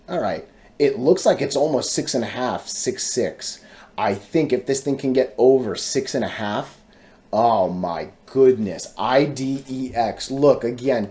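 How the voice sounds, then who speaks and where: A man giving casual, excitable stock chart commentary, chanting repeated words and checking in with viewers. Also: fairly low pitch. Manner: talks to viewers directly, frequent "right?" and "all right?".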